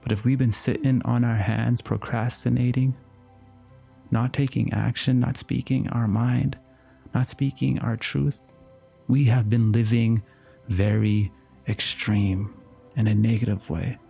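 A man delivers an earnest motivational talk at a very slow, deliberate pace. His voice is deeply gravelly and a little husky. He keeps asking his listeners whether they understand, over faint background music. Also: little pitch movement, warm tone. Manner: earnest, repetitive, slow-paced, asks "you understand?".

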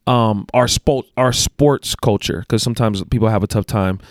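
A man's voice: on the low side, moderate pace, dry recording, clean studio sound. A man who coaches basketball, telling a story in casual chat, rambling with restarts and self-corrections. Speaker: guest, basketball coach and athletic director.

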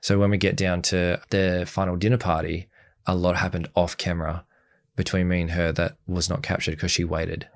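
Deep-voiced young man telling all. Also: moderate pace. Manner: blunt and animated, acting out quoted dialogue. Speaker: interview guest. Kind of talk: candid podcast interview.

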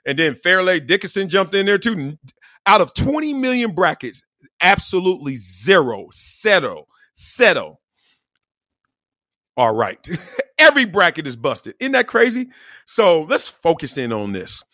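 A man's voice: high voice, very animated, moderate pace, sharp tone, no room sound, clean studio sound. A middle-aged man hosting a podcast, talking casually and joking, laughing often and acting out quotes in different voices. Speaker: podcast host. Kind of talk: casual comedic monologue.

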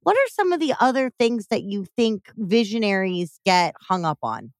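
A woman hosting a podcast interview, lively and teasing with her guest. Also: medium pitch, normal speed, dry recording. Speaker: podcast host. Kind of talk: conversational interview.

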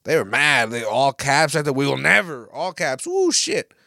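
A young man talks alone into a podcast microphone at a middle pitch, cursing freely and restarting his sentences as he rambles. He grows loud and heated as he rants. The sound is close and completely dry. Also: huge pitch swings, a little slow, dry recording. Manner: profane, rambling, with many restarts. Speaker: podcast host. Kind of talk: casual solo podcast rant.

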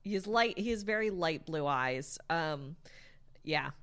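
Woman, lowish voice, casual rambling plot recap, filler-heavy, loose and profane. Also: animated, a little slow, fairly bright tone. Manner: rambling, lots of "like" and "um", casual swearing. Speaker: storyteller recapping a book. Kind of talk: casual chat.

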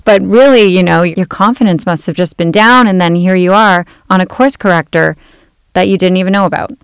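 A woman from Canada, a panelist, who talks in an animated way and acts out the quotes she repeats. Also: on the low side, brisk, clean tone, no echo, studio quality. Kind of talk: casual panel discussion.

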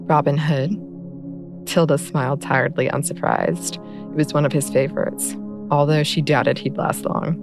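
A woman reading a story aloud in a soft, measured narration. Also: low-pitched, little pitch movement. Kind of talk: scripted audiobook narration. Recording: narration over clear music bed.

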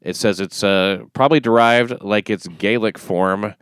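A man with a rather low voice hosts a casual comedy podcast, talking dry and deliberate. He pauses over his words while reading news aloud. The sound is close and dead dry. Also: fairly even intonation, clear, resonant tone, dry recording. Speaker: podcast host.

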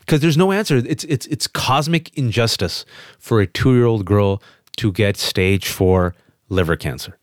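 A man as an interview guest, telling a personal story with emphatic, quick restarts. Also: fairly low pitch, no echo, studio quality. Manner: emphatic, fast restarts, animated quotes. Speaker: guest on a podcast.

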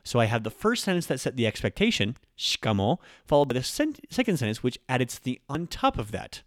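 A man's voice: mid-range voice, very animated, fast, no room sound, clean studio sound. A man hosting a podcast lesson, explaining grammar in a friendly, casual way with occasional ums and self-corrections. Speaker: Japanese language teacher and podcast host.

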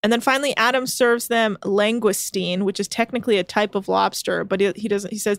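A woman's voice: medium pitch, steady tone, a little fast, gravelly, hardly any pauses, no room sound. A woman co-hosting a casual podcast chat, recapping with sardonic asides, swearing freely and quoting people offhand. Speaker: podcast co-host recapping a reality show. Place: home.

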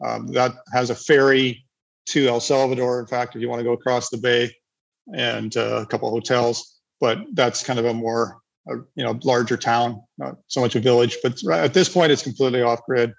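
A man's voice: medium pitch, flat delivery, brisk, creaky, poor audio. A man from Canada answering questions casually in a webinar, rambling with many restarts. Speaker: eco village developer.

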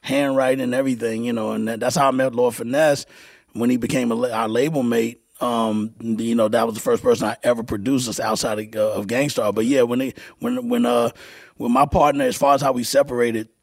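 Middle-aged male producer guest, gravelly voice, dry close sound, halting storyteller who acts out quotes. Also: mid-range voice, steady tone, no room sound. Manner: halting, repeats words, acts out quoted dialogue. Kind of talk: casual storytelling interview.

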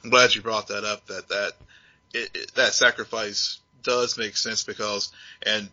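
A man co-hosting a casual podcast chat, with a husky voice and stammering restarts. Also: on the low side, steady tone, measured pace, sharp tone. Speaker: podcast co-host. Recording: dull lo-fi sound.

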